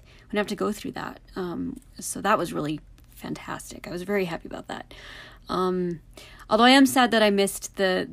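A woman in her thirties casually telling personal memories, rambling with lots of fillers and restarts, fond and animated. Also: lowish voice, creaky.

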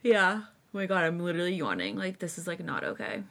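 Bright-voiced young woman podcast co-host. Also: fairly low pitch, big pitch swings, fast talker, vocal fry. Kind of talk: casual chat.

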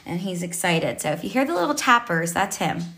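Young woman hosting a podcast chat w her dad, lowish voice, lots of yeahs. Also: very animated, brisk, sharp tone, slight background noise. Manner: chatty, affirming. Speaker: host, interviewing her father.

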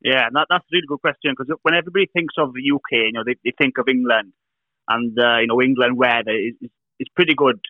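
A man, a guest explaining his beekeeping business, talking in a halting way with many restarts. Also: mid-range voice, dry recording. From Wales. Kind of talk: casual interview talk. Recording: dry, tinny phone-like line.

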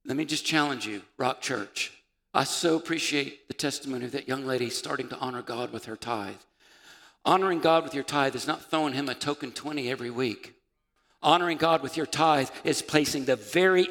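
A man preaching a sermon as pastor, building from quiet reflection to fervent shouting. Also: mid-range voice, fairly quick. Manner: impassioned preaching, rising to shouts. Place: church sanctuary. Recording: reverberant church hall.

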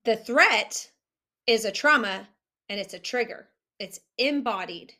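A woman's voice: a little high, animated, a little slow, sharp tone. A woman coaching couples, talking earnestly and directly to the listener about healing a marriage. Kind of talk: direct-to-camera advice talk.

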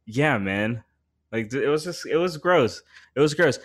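A podcast host tells a story in loose, rambling conversation packed with slang and swearing, and his voice rises when he gets worked up. He has a medium-pitched, expressive voice at a normal speed.

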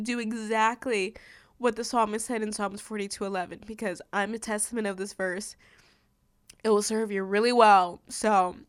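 A heartfelt, encouraging woman hosts her faith podcast alone at the mic. Her voice sits at an ordinary middle pitch. The recording is close and dry, with no room sound around her. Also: fairly bright tone, clear, resonant tone, dry recording. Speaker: podcast host. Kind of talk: faith-based podcast monologue. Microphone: studio microphone.

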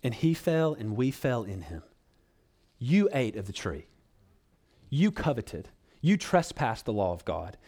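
A man pastor preaching a sermon, earnestly addressing the congregation as brothers and sisters and swinging between loud pleading and hushed low passages. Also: sing-song, a little slow, long pauses.

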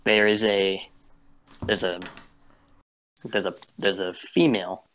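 A man's voice: fairly low pitch, steady tone, takes it slowly, fairly bright tone, a little hiss or hum, poor audio. A man co-hosting a casual podcast, telling a long story in a rambling, profane way and checking in with "right?" after each beat. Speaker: podcast co-host. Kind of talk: casual chat.

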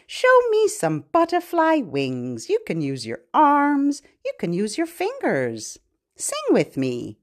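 Slow, lively high-voiced woman reading to babies. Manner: slow, animated, with animal sound effects. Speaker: podcast host reading to babies. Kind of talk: sing-song children's storytime.

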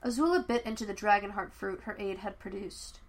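A woman narrating fan fiction as an audiobook, telling the story in a steady, even way. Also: mid-range voice, fairly quick.

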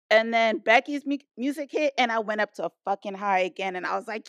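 A woman co-host in a casual group chat about wrestling, telling an animated, profane story. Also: on the high side, a little fast, hardly any pauses, dry recording, raised voice.

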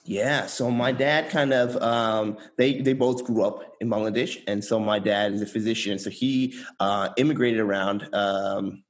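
Young male interview guest, from East Tennessee, Bengali first language, lowish voice, relaxed and hesitant. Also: measured pace, hardly any pauses. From rural East Tennessee, USA. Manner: relaxed, hesitant, many fillers and restarts. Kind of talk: casual conversational interview.

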